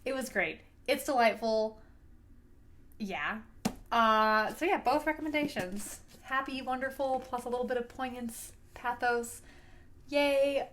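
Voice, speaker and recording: A woman hosting a casual book review vlog, talking in an animated, gushing way with playful exclamations. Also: a little high, measured pace, slight background noise.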